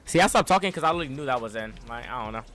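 A young gaming streamer narrates his own play at a racing pace, hyped up and trash-talking, veering between loud outbursts and quiet mutters.

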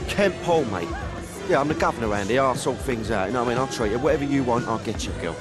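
An actor with an English accent playing a sleazy, boastful music-industry hustler in a video game, with a cocky, slangy swagger and music playing behind him. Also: male voice, medium pitch, expressive, fast, natural voice. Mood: leering.

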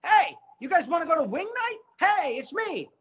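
A man putting on a loud, unpolished Toronto-area Italian-Canadian radio pizza spokesman who is also an office jerk, with a grating sound. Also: extremely high pitch, big pitch swings, normal speed, lo-fi sound, noisy background, pitched above the performer's own voice. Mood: brash.

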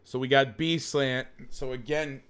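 A man's voice: mid-range voice, a little slow, over a noisy crowd. A man hosting a casual football film breakdown, talking like a coach and cracking jokes. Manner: joking, animated coach talk. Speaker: host breaking down game film.

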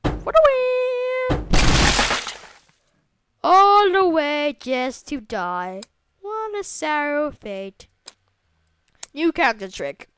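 A woman commentating a video game, excitable, yelling at the game and trailing off into mumbles. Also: sits high, takes it slowly, dry recording. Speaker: let's play gamer. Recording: loud background noise.

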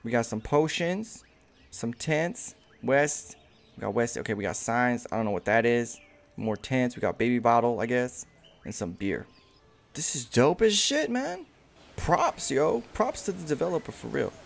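A man casually commentating his own game playthrough, excited, slangy, and swearing freely. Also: medium pitch, measured pace, gravelly. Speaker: gamer. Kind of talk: casual let's play commentary.

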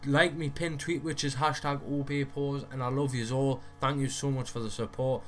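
A man with a Geordie accent, talking casually to his viewers as a gaming vlogger, rambling and slangy in a low-key way. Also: flat delivery, normal speed, slight background noise. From North East England. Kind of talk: casual talk to camera.

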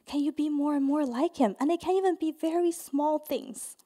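A young adult woman pastor preaching a sermon, earnest and soft in prayerful passages, lively and loud when telling stories. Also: sits high, moderate pace. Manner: storytelling, gets loud and animated in anecdotes.

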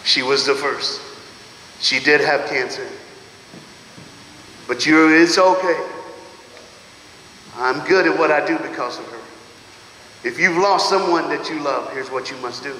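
A man with a high, bright voice gives a motivational talk at a school assembly, calling out to the crowd and dropping from loud bursts to hushed asides. His voice rings through a big echoey hall with a long reverb tail. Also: unhurried, long pauses, a little hiss or hum. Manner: animated, calls out to the crowd, laughs often, swings from loud to hushed. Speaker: motivational speaker. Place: large school auditorium or gym.

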